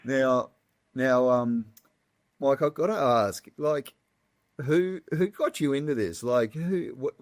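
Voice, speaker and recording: A man hosts a podcast interview and asks eager, rambling questions. His voice sits at a middle pitch. The sound is dry and close, with no room echo. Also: slow pace. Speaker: podcast host. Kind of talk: interview conversation.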